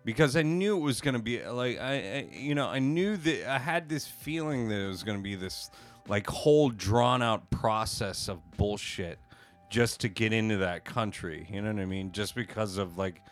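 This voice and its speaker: A man's voice: fairly low pitch, moderate pace, soft background music. A man telling a long story in casual podcast chat, rambling with many fillers and casual swearing. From United States. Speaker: podcast co-host.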